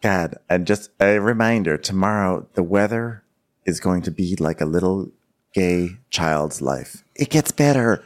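Brief: male podcast co-host, low voice with a lot of swing, rambling jokey recap. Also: animated. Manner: joking, rambling, quick to laugh. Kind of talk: casual comedic recap chat.

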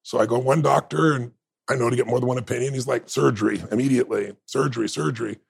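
A man's voice: mid-range voice, fairly even intonation, fast talker. A man in his fifties, a podcast guest, telling a personal story with energy, acting out quoted dialogue and laughing often. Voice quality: gravelly, husky. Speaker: interview guest. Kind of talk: animated storytelling in conversation.

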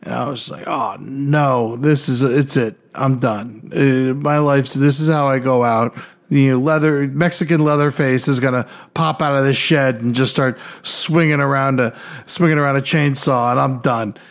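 A young man co-hosting a podcast, telling stories casually in an animated, profane way and acting out other people's voices. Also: medium pitch, normal speed. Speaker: podcast co-host. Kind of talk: casual storytelling.

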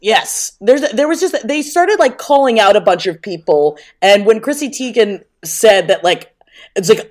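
A woman co-hosting a podcast, chatting casually in an animated, jokey way and swearing freely. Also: medium pitch, normal speed. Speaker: podcast co-host. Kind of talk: casual gossip chat.

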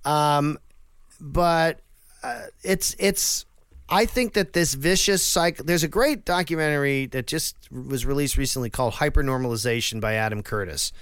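A man's voice: fairly high pitch, moderate pace, smooth, dry recording, studio quality. A comedian recounting a live television appearance in a casual interview, acting out the voices of people he quotes. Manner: animated storyteller who acts out quoted voices. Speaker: comedian and impressionist.

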